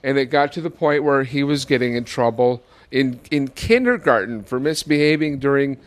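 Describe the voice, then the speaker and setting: A man's voice: medium pitch, moderate pace. Older guy spinning a long family story, keeps restarting his sentences, chatty podcast. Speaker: father telling a family story. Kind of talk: casual podcast chat.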